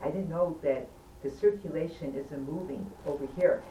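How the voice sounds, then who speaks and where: Low-voiced woman, insistent storyteller. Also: moderate pace, mellow, far from the mic. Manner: emphatic and insistent, keeps urging the listener to listen. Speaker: patient recounting a hospital stay. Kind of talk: casual storytelling in an interview. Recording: echoey room, voice from afar, faint noise.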